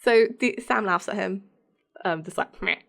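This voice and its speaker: A woman's voice: medium pitch, normal speed, vocal fry, fairly bright tone. A young woman co-hosting a podcast, chatting casually, laughing often and quoting characters in put-on voices. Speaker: podcast co-host. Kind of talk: casual chat.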